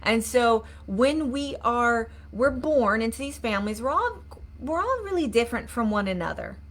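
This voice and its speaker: A woman mindset coach talks to her viewers on a live stream. Her voice sits a little high, and she is earnest and repetitive, with questions and prompts for comments. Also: animated, moderate pace. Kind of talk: live-streamed motivational talk.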